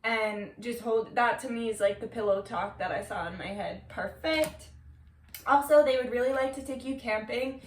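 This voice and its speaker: A woman's voice: on the high side, moderate pace, slight background noise. Chatty woman reading tarot in an echoey room. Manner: chatty, loose, swears freely, many filler words. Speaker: tarot reader. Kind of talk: casual tarot reading to camera. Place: room, seated on the floor. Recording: echoey room, mic at a distance.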